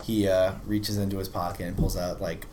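A man's voice: low-pitched, little pitch movement, normal speed, noisy background. A man narrating as game master of a tabletop zombie game, rambling and stammering as he voices the people the players meet.

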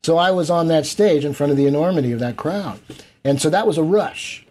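A man with a mellow, slightly raised voice recounts a backstage memory as an interview guest. He talks animatedly, slipping into quoted voices of other people and of himself as the story unfolds. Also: fairly high pitch, fairly quick. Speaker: interview guest, event producer.

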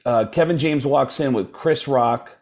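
A man, a comedian, telling stories casually and animatedly, dropping into quick impressions of other people. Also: medium pitch, a little mellow. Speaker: comedian guest. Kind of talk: casual storytelling.

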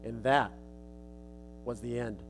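A man's voice: medium pitch, slow, gravelly, slight background noise. A male preacher telling a children's story as a sermon illustration in a casual, folksy way.

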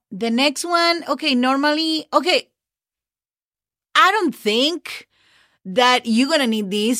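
This woman's voice is a little high and fairly bright, captured dry with clean studio sound. Originally from northern Mexico and a native Spanish speaker with a Mexican accent, she runs a casual podcast lesson on holiday vocabulary, spelling words letter by letter amid frequent okays and fillers.

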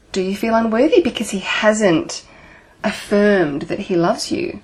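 A woman's voice: medium pitch, darkish tone. A woman relationship coach talking to her listeners, asking earnest rhetorical questions and swearing now and then.

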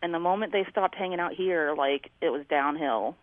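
A woman's voice: sits low, normal speed, dry recording. Woman telling a story over a tinny phone line. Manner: animated, acts out neighbors' lines. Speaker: caller. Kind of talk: casual storytelling on a call.

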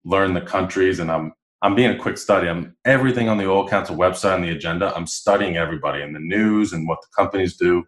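Deep-voiced man telling stories, roomy sound. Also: fast talker, hardly any pauses. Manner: animated, acts out quoted dialogue. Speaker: podcast guest. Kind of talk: casual storytelling interview. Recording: roomy echo.

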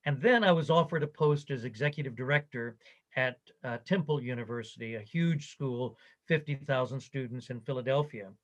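An older man, the interviewee, recounting his career story in a conversation, animated and quoting others as he goes. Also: medium pitch, normal speed, dull audio.

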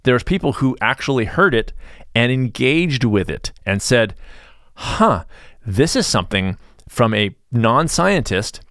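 Middle-aged male podcast host, sarcastic rambler, mid-pitched, dead-dry small studio. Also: very animated, unhurried, fairly bright tone, no echo. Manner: rambling, sarcastic, self-interrupting. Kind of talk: casual podcast monologue.

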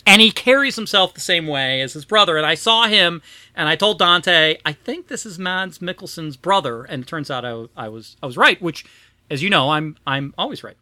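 A man's voice: a little high, lively intonation, normal speed, sharp tone, dry recording. A man hosting a podcast in casual chat, chatty and self-deprecating, with plenty of fillers. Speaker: podcast host.

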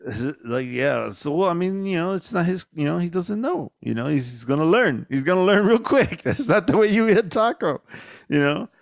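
Gravelly-voiced man telling profane stories. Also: on the high side, fairly quick, dry recording, clean studio sound. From Mexican-American. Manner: profane, animated storytelling. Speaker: podcast host. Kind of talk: casual chat.

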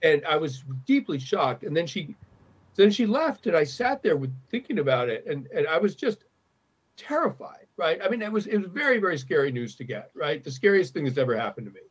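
A man's voice: fairly high pitch, very animated, fairly quick, breathy edge. A middle-aged man telling a personal story in conversation, earnest and often restarting his sentences. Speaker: guest.

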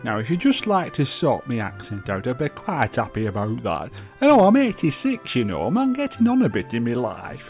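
A man voicing a grumpy eighty-six-year-old Yorkshireman in a broad, gruff put-on dialect, phoning in to a podcast. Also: mid-range voice, wildly swooping pitch, fairly quick, hardly any pauses. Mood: grumbling. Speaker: listener calling in. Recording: tinny phone line with faint music.

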